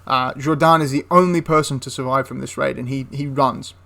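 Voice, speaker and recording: A man's voice: mid-range voice, fairly even intonation, fairly quick, gravelly, fairly bright tone. A young man casually retelling a wartime history story, chatty and prone to correcting himself mid-sentence. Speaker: history channel host.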